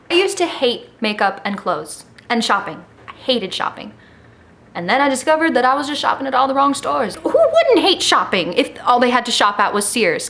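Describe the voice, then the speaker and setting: Her voice is on the high side and sing-song, fairly bright, at a normal speed. She's a Miami-born vlogger in her early twenties with a slight accent, joking around sassily and casually for her camera at home in California, recorded on the camera mic.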